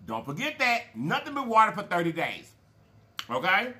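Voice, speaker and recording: A man's voice: high voice, wildly swooping pitch, normal speed, pushed and bright. A man hosting a casual eating show, folksy and chatty, calling viewers y'all and baby and humming over his food. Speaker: mukbang channel host.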